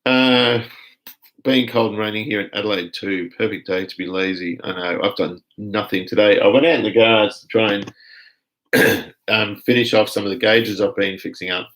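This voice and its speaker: Gravelly low-voiced Australian man. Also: rough recording. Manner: relaxed, rambling, chatty. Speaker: live stream host reading viewer comments. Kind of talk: casual live chat.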